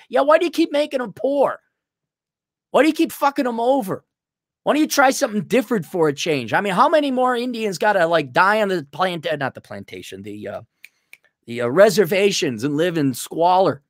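Guy ranting on his stream, swearing a lot, mocking, voice on the higher side, dry sound. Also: no echo. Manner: profane, heated and mocking. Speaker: political commentator. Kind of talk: ranting livestream commentary.

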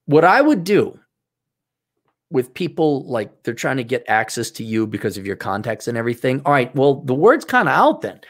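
A man's voice: mid-range voice, sing-song, moderate pace. A man giving casual, blunt advice in a rambling way, often stopping and restarting his sentences.

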